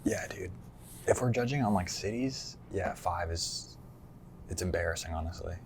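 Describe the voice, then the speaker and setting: A man's voice: low-pitched, normal speed, slight background noise. A man chatting casually as a guest, laid-back, laughing often and swearing offhandedly. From United States. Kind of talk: casual chat.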